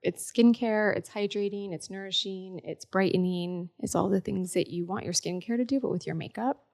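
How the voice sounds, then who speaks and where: A woman, a beauty brand founder, talking brightly and laughing as a guest on a live podcast panel. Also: mid-range voice, moderate pace, gravelly. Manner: bubbly, laughing, talks up products. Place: busy pop-up shop before a live audience.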